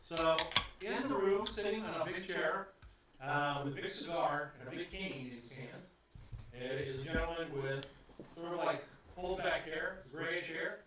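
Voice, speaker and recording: A man's voice: on the high side, moderate pace, heavy reverb, recorded from a distance, noisy background. A man narrating as game master of a tabletop game, rambling with many fillers.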